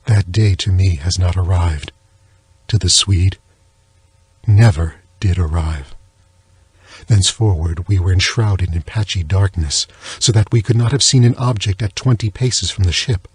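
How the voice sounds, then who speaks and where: A man reading a classic sea tale aloud as an audiobook, in a measured, low and somber manner. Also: a little mellow, breathy edge, dry recording. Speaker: audiobook reader. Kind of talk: scripted narration of a classic tale.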